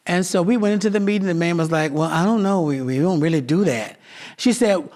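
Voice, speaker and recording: A man who founded a theatre troupe, being interviewed and telling stories in an animated way, acting out the voices of the people he quotes. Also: high voice, fast. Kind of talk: storytelling interview.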